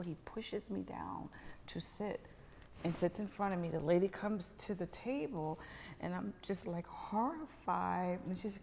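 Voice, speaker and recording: A middle-aged woman telling a personal story as a podcast guest, animated and dropping to whispers at tense moments. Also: medium pitch, vocal fry, in a large hall, slight background noise.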